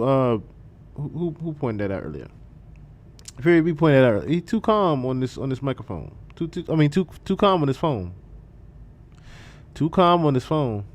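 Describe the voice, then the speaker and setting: Man streamer, lively swooping pitch, profane, repetitive casual commentary. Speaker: livestream commentator.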